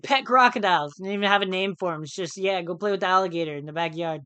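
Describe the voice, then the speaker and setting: A man from the United States talks through a live trading stream in loose, slangy chat, repeating phrases and calling listeners dude and bro. His voice is bright and smooth, and the sound is dry and close. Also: high voice, a little fast, no echo. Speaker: live-stream day trader.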